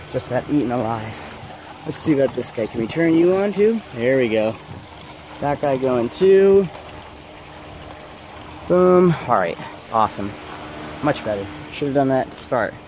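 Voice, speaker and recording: Man vlogger, mid-pitched, laid-back chatty delivery, outdoors with faint traffic hum behind. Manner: easygoing and chatty. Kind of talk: casual chat. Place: backyard outdoors.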